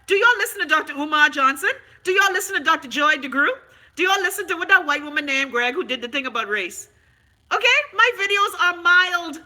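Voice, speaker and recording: A woman's voice: high-pitched, lively intonation, a little fast, bright, forceful tone. A middle-aged Bahamian woman ranting on her vlog, sarcastic, profane and emphatic. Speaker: vlogger. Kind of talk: unscripted vlog rant.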